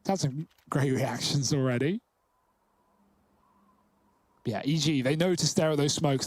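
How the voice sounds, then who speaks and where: A man calling live esports play-by-play, quick and chatty as he breaks down tactics. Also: a little high, darkish tone, no echo. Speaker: esports caster.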